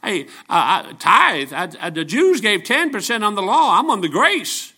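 Bright-voiced seventy-year-old male preacher. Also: high-pitched, big pitch swings, normal speed, breathy edge. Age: 70s. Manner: folksy, joking, emphatic preaching. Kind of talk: storytelling sermon.

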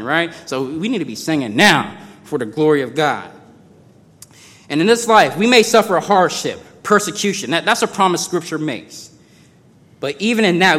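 A man preaching a sermon in a conversational way, moving between low asides and loud, drawn-out emphasis. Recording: long hall reverb.

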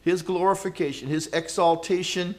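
Man preaching, earnest, loud-to-hushed swings. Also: high-pitched, fairly even intonation, normal speed, a little hiss or hum. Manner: conversational asides with fillers and chuckles. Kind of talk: sermon.

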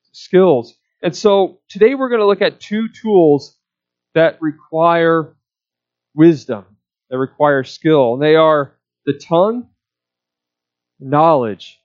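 A male pastor delivers a sermon in a slow, deliberate teaching voice set a little high. The recording sounds somewhat dull and muffled.

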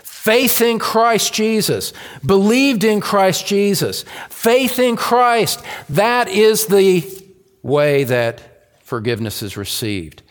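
A pastor preaching a sermon, speaking slowly and deliberately, repeating key phrases for emphasis. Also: male voice, sits high, lively intonation, long reverb tail.

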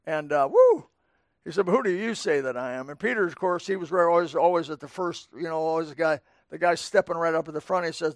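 Preaching a sermon in the church sanctuary, a middle-aged pastor talks fast and folksy, chatting and tossing asides to the congregation in the pews. His voice is high for a man, captured close and dry with little echo from the room.

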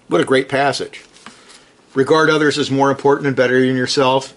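Earnest and emphatic, this preacher uses a mid-range voice with a flat delivery. Short commands, repeated, hammer his points home, and he reads scripture slowly with mounting stress.

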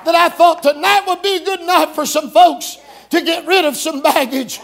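A middle-aged man preaching a camp meeting sermon, folksy and joking, breaking into shouts. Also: very high voice, fairly even intonation, normal speed, gravelly. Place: church camp meeting with congregation.

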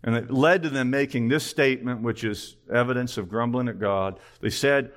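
A man's voice: mid-range voice, moderate pace, hardly any pauses. A male pastor preaching an earnest sermon, full of pointed rhetorical questions.

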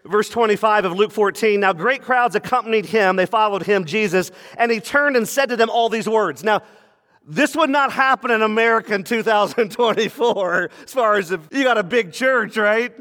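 Long reverb fills the recording, as if in a large hall, while a male pastor delivers a spirited sermon. He jumps into fast impressions and jokey asides, his voice sitting rather high for a man.

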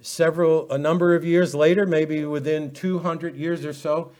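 A man preaching an expository Bible sermon, animated and full of rhetorical questions. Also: on the high side, moderate pace. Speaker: pastor.

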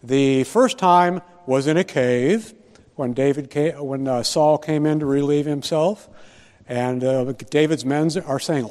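A man teaching a Bible study lecture, deliberate and posing rhetorical questions to his listeners. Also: on the high side, darkish tone, big-room sound.

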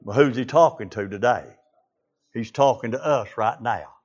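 A man's voice: medium pitch, moderate pace, muffled recording. A man preaching a sermon, fervent and full of "uh" fillers, calling out to his congregation. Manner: fervent, with frequent "uh" fillers and call-outs to the congregation.

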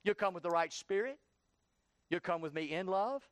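A man pastor preaching a sermon in a church, building to heated rapid questioning and then easing down. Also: sits high, expressive, no echo.

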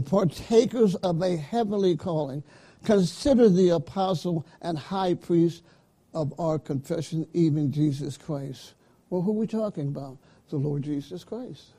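A man preaching a sermon, slow and emphatic, calling out to his listeners. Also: a little high, mellow. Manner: slow, emphatic preaching with call-outs to the congregation.

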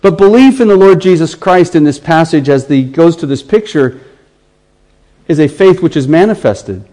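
Male preacher with a fairly high voice, earnest, repeats phrases, moves from hushed to raised delivery. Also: lively intonation, moderate pace, low-quality recording. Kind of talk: expository sermon.

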